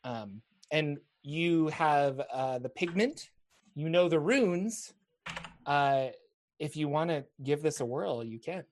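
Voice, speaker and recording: A man's voice: fairly high pitch, slow. Laid-back man running a tabletop game. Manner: relaxed, many ums and uhs while explaining rules. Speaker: dungeon master.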